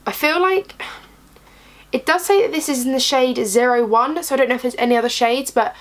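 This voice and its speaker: A young woman with a raspy, hoarse voice from a cold, chatting casually through a beauty box review. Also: sits high, brisk. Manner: chatty, rambling, candid. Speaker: beauty vlogger.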